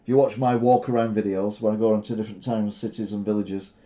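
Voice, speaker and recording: An older man chats on his live stream in a very dark, mellow voice. He rambles and stalls on filler sounds, and his humour stays dry and sarcastic. The sound is dull and lo-fi, like stream audio. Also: lowish voice, little pitch movement, fast. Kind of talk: casual live stream chat.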